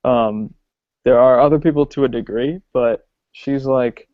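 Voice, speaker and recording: A man co-hosting a podcast, talking casually about films with many pauses and ums. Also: medium pitch, dry recording. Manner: relaxed, hesitant with many ums. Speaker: podcast co-host. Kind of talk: casual film discussion. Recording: dull lo-fi podcast audio.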